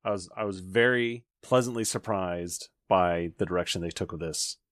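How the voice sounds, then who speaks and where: A man in his thirties co-hosts a casual movie podcast, talking through his thoughts in a measured, wry way. His voice is very low. The recording is dry and close, with no room sound. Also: a bit bright, no room sound. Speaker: podcast co-host. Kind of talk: casual movie review chat.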